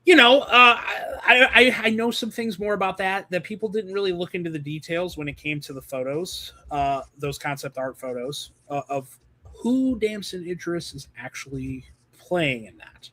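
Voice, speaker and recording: A man hosting a casual movie podcast, rambling and animated with lots of fillers over a video call. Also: high voice, moderate pace. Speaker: podcast host.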